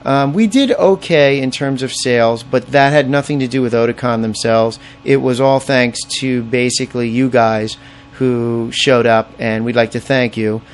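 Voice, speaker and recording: A man's voice: medium pitch, steady tone, normal speed, slight background noise. A man co-hosting a podcast, rambling in a laid-back, casual way. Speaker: podcast co-host. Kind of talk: casual chat.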